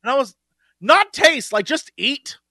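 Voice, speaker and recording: A man's voice: very high voice, unhurried, gravelly, no echo, studio quality. A man co-hosting a podcast, chatting casually and acting out voices in his anecdotes. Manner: expressive, acts out voices in anecdotes. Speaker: podcast co-host. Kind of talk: casual chat.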